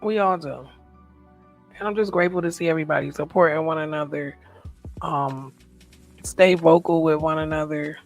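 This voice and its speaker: A woman's voice: low voice, fairly even intonation, moderate pace, long pauses, soft background music. An American woman talking in a personal, reflective vlog monologue. She speaks in a heartfelt, emotional way and repeats her affirmations. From United States. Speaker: vlogger.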